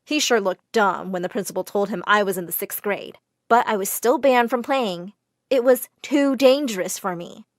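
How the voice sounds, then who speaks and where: A woman narrating a first-person storytime in an expressive, dramatic way. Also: medium pitch, moderate pace, dry recording, clean studio sound.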